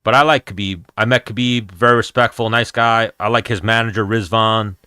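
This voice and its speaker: A man's voice: lowish voice, steady tone, brisk, sharp tone, smooth, dry recording, studio quality. A man, hosting a casual MMA chat stream in a blunt, profane, rambling way. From New York, USA. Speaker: MMA show host answering chat.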